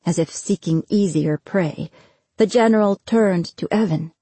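A woman narrating a fantasy audiobook in a measured, steady way. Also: fairly low pitch, breathy edge, no room sound.

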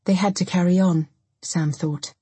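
A woman with a low, very breathy and husky voice tells a dark story in a steady, measured way. The sound is close and dry, with no room echo at all. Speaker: audiobook narrator. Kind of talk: scripted narration.

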